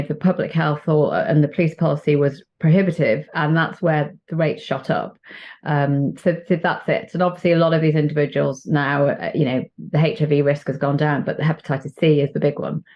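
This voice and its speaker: Lady doctor rambling on in an interview, lowish voice, kinda muffled lo-fi sound. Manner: chatty, many fillers and restarts, lively pitch jumps. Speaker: guest, HIV and sexual health doctor. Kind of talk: casual interview chat. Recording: muffled lo-fi audio.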